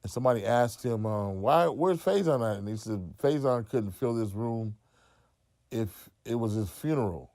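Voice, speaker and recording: A man being interviewed, telling a long profane story and acting out other people's quotes loudly. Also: medium pitch, lively intonation, normal speed, no room sound, clean studio sound. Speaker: interview guest. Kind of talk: animated storytelling.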